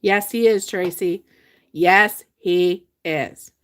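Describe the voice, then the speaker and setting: A woman's voice: fairly low pitch, slow. A woman hosting a casual livestream, chatting with viewers, reading their comments aloud and laughing often. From Pennsylvania. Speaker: livestream host.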